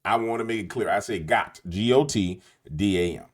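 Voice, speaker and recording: A man's voice: fairly low pitch, moderate pace, slightly rough. A man with a New Orleans accent, hosting a late-night commentary monologue in an emphatic, preachy way, talking straight to his viewers. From Louisiana. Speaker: YouTube host.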